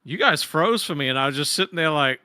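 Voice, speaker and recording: A man's voice: fairly high pitch, animated, fast, sharp tone, clean tone, no room sound. A man co-hosting a casual live stream, telling stories animatedly and laughing often. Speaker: stream co-host.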